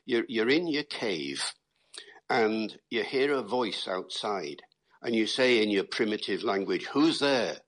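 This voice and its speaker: Husky-voiced British man explaining accents. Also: fairly low pitch, animated, unhurried, a bit bright. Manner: storytelling, lecturing. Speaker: guest linguist. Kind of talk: explanatory interview talk.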